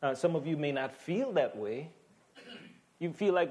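A pastor preaching a sermon in an emphatic, conversational way, often calling on listeners to listen. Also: male voice, on the high side, expressive, measured pace, darkish tone, dull audio.

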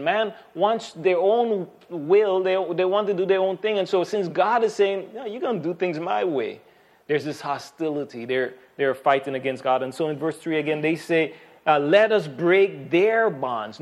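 A man preaching a Bible sermon in a conversational way, with frequent restarts and fillers. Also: fairly high pitch. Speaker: pastor.

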